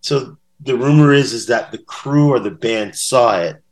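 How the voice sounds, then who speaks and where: A man's voice: mid-range voice, a little slow. A man telling stories as a podcast guest in a casual interview. He acts out quotes in different voices. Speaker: podcast guest, bass-playing fan.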